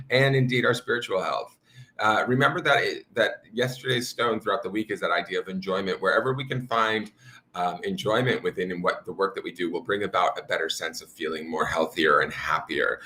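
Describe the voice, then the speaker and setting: A man's voice: sits low, sharp tone. A man reading tarot cards on a live stream at home, talking to his viewers in a meandering, chatty way. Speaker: tarot reader. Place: home room with an altar.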